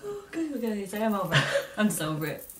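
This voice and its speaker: A woman's voice: medium pitch, wildly swooping pitch, racing, echoey room, far from the mic, a crowd in the background. A woman appearing as a friend in a casual challenge vlog, giggly and constantly laughing. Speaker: guest friend.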